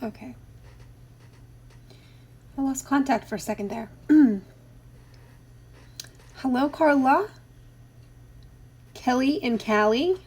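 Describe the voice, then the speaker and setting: This is a middle-aged woman chatting on her own live stream, reading out names of viewers and laughing between lines. Her voice sits a little high, and she talks at an unhurried, slow pace. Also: a little mellow, husky. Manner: greets viewers by name, laughs often. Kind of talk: casual live stream chat.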